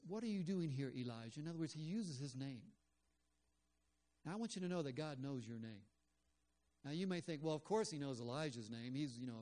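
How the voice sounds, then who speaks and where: A man's voice: mid-range voice, a little mellow. A man preaching a sermon in an earnest, conversational way, with frequent fillers. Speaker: pastor.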